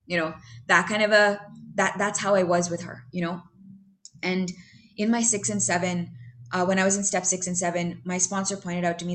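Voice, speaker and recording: A young adult woman giving a heartfelt, halting personal testimony about her recovery, full of fillers and restarts. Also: medium pitch, steady tone. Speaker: recovery speaker sharing her story.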